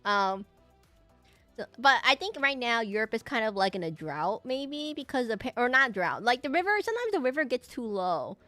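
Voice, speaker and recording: A woman's voice: a little high, sing-song, normal speed, bright, forceful tone, no room sound, soft background music. Chatty young woman streamer, rambling. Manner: rambling, chatty, laughs often, lots of fillers and restarts. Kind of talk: casual chat to a live stream.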